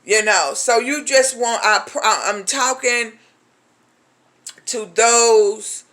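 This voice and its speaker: A woman with a higher, fairly bright voice speaks slowly while giving testimony on behalf of a ministry. Emphatic and casual in her phrasing, she calls people "honey" and voices the various figures in her account.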